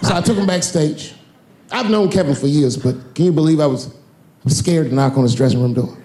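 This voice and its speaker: A man's voice: a little high, fairly quick, noisy background. A man doing stand-up comedy, telling a loose story with swearing and acted bits. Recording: roomy live stage recording with audience. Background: audience.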